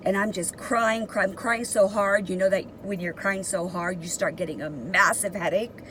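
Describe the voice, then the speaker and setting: A woman's voice: medium pitch, fairly even intonation, normal speed, fairly bright tone, slight background noise, rough recording. A young woman vlogger telling a personal story in a casual, emotional and profane way, rambling with many fillers.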